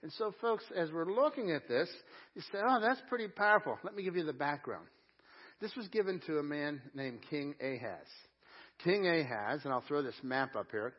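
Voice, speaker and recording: A man preaching a sermon at a live church service, earnest, slowing down to stress each scripture line. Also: fairly high pitch, highs cut off. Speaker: pastor.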